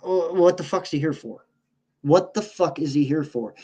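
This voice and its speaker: A man's voice: a little high, moderate pace, darkish tone, husky. A man co-hosting a sports podcast, ranting in a heated, profane, casual way. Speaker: podcast co-host.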